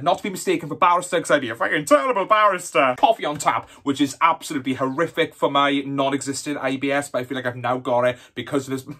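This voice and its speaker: A man's voice: a little high, fairly bright tone, slightly rough. A flamboyant Welsh man in his twenties chats through a Q&A vlog. His voice leaps all over the place with camp, sassy energy, and he swears freely. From Wales. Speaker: YouTuber. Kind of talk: casual Q&A vlog.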